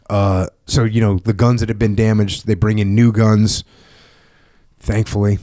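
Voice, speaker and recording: A man hosts a podcast and reads from a war memoir in a steady, measured voice. His tone is dark and mellow. The sound is dry and close to the mic. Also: on the low side, no echo. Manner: steady, measured reading with brief questions. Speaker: podcast host. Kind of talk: reading a memoir aloud and interviewing.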